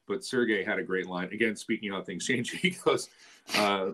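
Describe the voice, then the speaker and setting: A man with a fairly low voice, a hockey play-by-play announcer who is a guest on a fan podcast. He tells rambling stories over a video call, often laughing and restarting his phrases. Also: expressive, normal speed, fairly bright tone. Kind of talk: casual chat.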